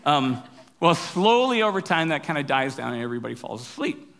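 A male pastor giving a sermon, telling stories in a relaxed, humorous, conversational way. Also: a little high, a little fast, creaky.

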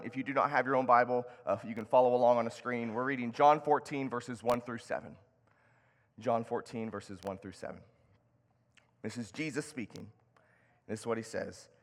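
A man's voice: mid-range voice, normal speed. A man giving a sermon as pastor, talking in a conversational way with restarts and reading Scripture aloud. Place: church sanctuary. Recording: long hall reverb.

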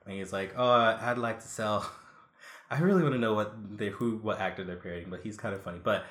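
A man's voice: lowish voice, brisk, echoey room. A man co-hosting a casual chat about old cartoons, rambling with many fillers and restarts. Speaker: podcast co-host.

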